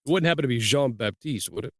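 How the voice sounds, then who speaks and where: A man's voice: medium pitch, lively intonation, quick pace, fairly bright tone, dry recording, clean studio sound. A man hosting an interview podcast, asking questions in a folksy manner and closing the show with a friendly sign-off. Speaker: podcast host.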